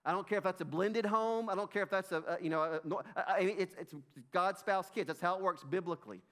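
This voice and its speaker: A middle-aged man preaches with a Southern US accent, his voice pitched notably high for a man. He speaks emphatically, repeats phrases and calls out to the congregation as folks. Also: fast talker, fairly bright tone. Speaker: pastor. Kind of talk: sermon. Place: church sanctuary.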